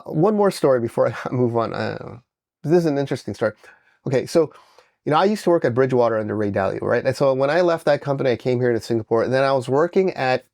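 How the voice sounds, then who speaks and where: A man's voice: mid-range voice, vocal fry, a little mellow, dry recording, studio quality. Man explaining, checking in with "right?". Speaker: host. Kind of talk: casual commentary.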